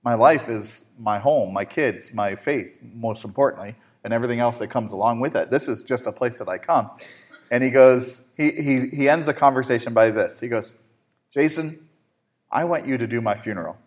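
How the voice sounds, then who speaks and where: Man host, faith talk show, animated storyteller, mid pitch, lots of fillers. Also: moderate pace.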